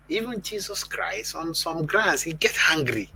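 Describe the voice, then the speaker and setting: A man hosting, explaining his view in measured commentary with fillers. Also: fairly high pitch, animated, creaky, bright, forceful tone, husky, poor audio. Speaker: host. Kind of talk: casual commentary.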